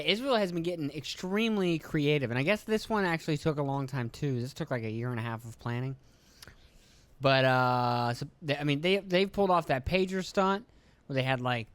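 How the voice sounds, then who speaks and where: Smooth-voiced man ranting on the news. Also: mid-range voice, dry recording. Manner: profane, offhand, reads notes and comments. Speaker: podcast host. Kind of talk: solo podcast rant on the news.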